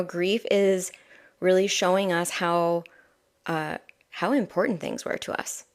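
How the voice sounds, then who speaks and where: A woman giving a live-streamed spiritual oracle reading, talking softly and chattily with many fillers and asides. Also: lowish voice.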